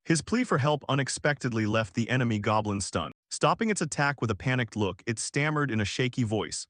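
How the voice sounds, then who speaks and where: A man narrating a comic story recap in a scripted, animated style. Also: medium pitch, a little fast, few pauses, dry recording, clean studio sound.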